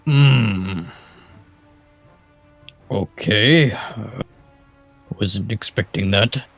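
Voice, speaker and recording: A proud, blunt ogre captain, played by a man gives short, simple answers at a slow pace. His voice sits somewhat low, and he speaks plainly in a tabletop game. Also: a bit bright, no room sound, soft background music, heavily acted.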